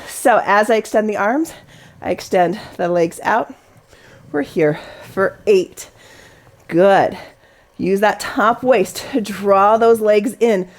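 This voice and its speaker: A woman leading a Pilates class, giving cues and counting reps down in an encouraging way. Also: medium pitch. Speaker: Pilates instructor. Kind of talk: guided workout instruction with counting.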